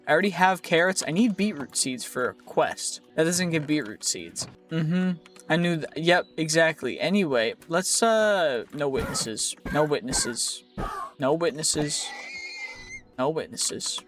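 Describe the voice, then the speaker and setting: A man with a high voice rambles cheerfully through casual gameplay commentary, tripping over his words and cracking jokes. Faint music plays underneath him. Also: animated, a little slow, a bit bright. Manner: chatty, rambling, restarts often, playful jokes. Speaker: gaming video creator.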